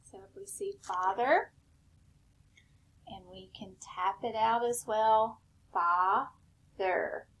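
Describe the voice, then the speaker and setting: A woman teacher giving a recorded spelling lesson, slow and patient, step by step. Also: mid-range voice, a bit bright, slight background noise.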